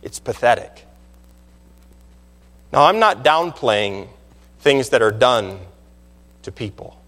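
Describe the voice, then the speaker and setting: A man preaching a sermon as pastor, emphatic, climbing to loud peaks and dropping low again. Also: lively intonation, takes it slowly, big-room sound.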